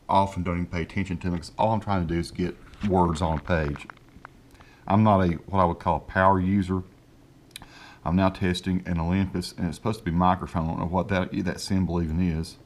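A man with a Southern accent hosting a casual tech tutorial at his home desk, speaking into a handheld mic held close, folksy and rambling. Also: low voice. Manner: folksy and rambling, dictates slowly and deliberately. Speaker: tech video host. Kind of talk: casual screen-recorded tutorial. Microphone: handheld microphone held close.

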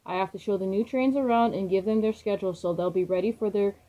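A woman's voice: medium pitch, fairly even intonation, fast talker, dark tone, close to an everyday voice, low-quality recording. A woman voicing a friendly male train station manager in a children's storybook.

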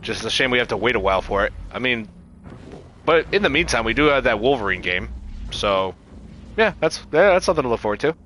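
A man with a mid-range, slightly bright voice chats casually with viewers while livestreaming a video game, talking fast and very animatedly as he reacts to play and to chat. He frequently restarts his sentences, and there's slight background noise.

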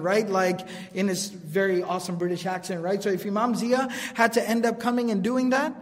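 A man giving a religious lecture, quick and animated, mixing recited scripture with casual asides. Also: high-pitched. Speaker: preacher teaching a lecture series. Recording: long hall reverb.

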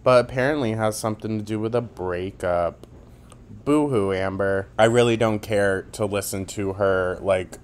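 A man giving a sarcastic, mocking commentary, with plenty of swearing. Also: lowish voice. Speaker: commentary YouTuber. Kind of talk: commentary vlog.

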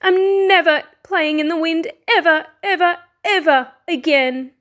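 A woman's voice: high-pitched, moderate pace, a bit bright. A woman doing a boastful little boy fox. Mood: sulky. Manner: dramatic, exclaiming play voice. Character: young boy fox, boastful and easily frustrated. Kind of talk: picture-book read-aloud. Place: school.

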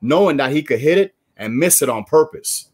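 A man from New York, a former baseball player, telling animated, profane stories in casual chat. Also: fairly high pitch, a little fast, breathy edge. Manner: animated, profane, storytelling with quoted voices.

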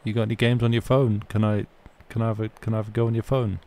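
A man's voice: on the low side, level tone, fast, a little mellow, close to an everyday voice. A man voicing a pushy, cheeky robin as a street kid, begging over and over in a Cockney accent. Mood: nagging. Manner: nagging, repetitive begging.

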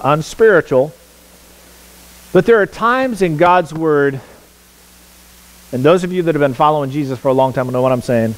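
A man's voice: fairly high pitch, poor audio. A man preaching a sermon as pastor, emphatic, repeating words for stress and asking the congregation questions. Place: church sanctuary.

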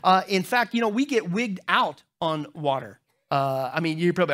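A middle-aged man preaching a sermon as pastor, telling funny stories to the congregation and jumping into high voices when he acts out other people. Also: normal speed. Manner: humorous storytelling, talks to the crowd; animated, jumps into high squeaky voices when acting out others.

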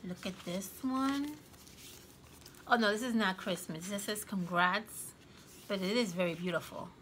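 A woman casually showing off her thrift-shop finds on camera, gushing with excitement over each one. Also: mid-range voice, unhurried, slight background noise. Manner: gushing, excitable, frequent gasps and exclamations. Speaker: craft vlogger. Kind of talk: casual show-and-tell vlog.

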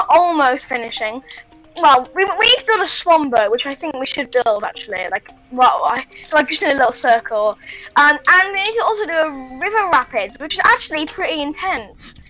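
A gaming YouTuber with a high-pitched, sharp voice chats casually while playing a building game, rambling, giggling and correcting herself. She's recorded on a webcam and headphones at a computer, and the audio is rough.

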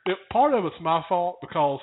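A man's voice: high-pitched, animated, fairly quick. A man casually telling a rambling story to his co-host, often chuckling. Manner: rambling, chuckling anecdote teller. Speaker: podcast co-host. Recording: tinny phone-like audio.

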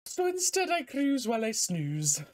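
A woman's voice: mid-range voice, very animated, moderate pace, slight background noise, lightly acted. A woman voicing a goofy, boastful male skeleton in a video game, with a Scottish-tinged accent that keeps slipping.

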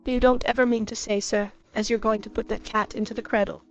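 A woman's voice: a little high, little pitch movement, fairly quick, dull audio, soft background music, close to an everyday voice. A woman voicing a cross, indignant housemaid in a storybook reading.

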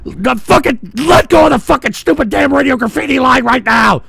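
Gravelly, high-pitched man ranting loudly. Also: a little fast, dry recording. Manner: shouting, profane, exasperated. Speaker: radio show host. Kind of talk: angry on-air rant.

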